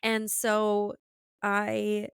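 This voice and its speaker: A woman's voice: mid-range voice, monotone, drawn-out words, creaky, smooth, no room sound, clean studio sound. Candid, chatty young woman host. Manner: candid and chatty, frequent "like" fillers, laughs easily. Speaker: podcast host. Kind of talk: casual conversational interview.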